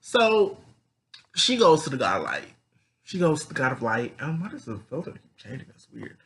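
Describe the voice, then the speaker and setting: Bright-voiced, sassy, profane man. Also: mid-range voice, fairly quick, vocal fry. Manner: animated, profane, sassy, rambling. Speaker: recap vlogger. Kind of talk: casual, profane story recap.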